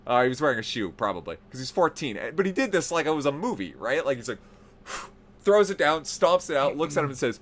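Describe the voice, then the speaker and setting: Animated, profane male storyteller. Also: medium pitch, brisk. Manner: animated, profane, building to excited outbursts. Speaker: podcast host. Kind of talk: casual storytelling.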